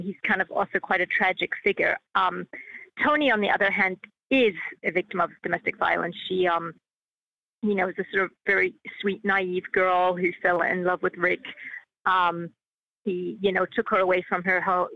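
A woman's voice: on the low side, vocal fry, dry recording, muffled recording. A woman being interviewed, answering hesitantly with many fillers and restarts. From Australia. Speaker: filmmaker and actress guest.

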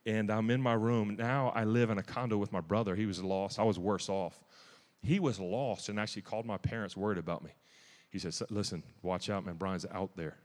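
A man with a fairly low voice delivers a sermon in a church. He talks with zealous emphasis, restarts his sentences and breaks into sudden louder bursts. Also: fairly quick, few pauses, in a large hall. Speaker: preacher. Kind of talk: sermon testimony.

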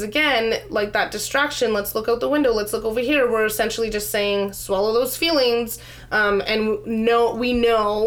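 A woman giving parenting advice in a casual chat, conversational with frequent fillers. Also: mid-range voice. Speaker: parenting discussion co-host.

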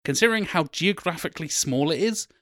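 A man from Norfolk co-hosting a casual film chat, talking in a lively, blunt and joking way. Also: fairly high pitch, fast, no echo, clean studio sound. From Norfolk, England. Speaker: podcast co-host.

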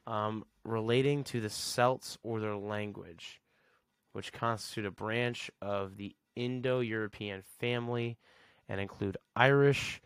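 A man's voice: on the low side, steady tone, a little slow, fairly bright tone, smooth, no echo, studio quality. A man hosting a podcast, rambling sarcastically in a casual solo rant and chuckling at his own jokes. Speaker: podcast host.

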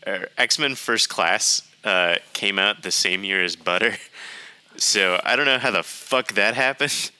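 A man's voice: lowish voice, a little slow, sharp tone, smooth. A man co-hosting a casual movie review podcast, chatty and restarting his sentences often. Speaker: podcast co-host.

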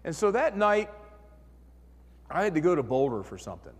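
A man preaching a sermon as pastor, telling a story in an animated way and acting out the voices in his head. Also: on the high side, moderate pace, big-room sound.

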